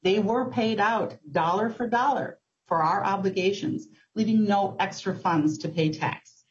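A woman giving formal testimony to a committee as a business owner, speaking in an earnest, measured way with occasional ums. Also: mid-range voice. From Minnesota. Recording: muffled lo-fi hearing audio.

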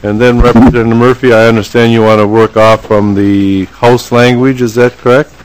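A man chairing a legislative committee meeting in a formal, halting way, pausing often on fillers. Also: medium pitch, level tone, smooth, low-quality recording. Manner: halting, frequent filler pauses.

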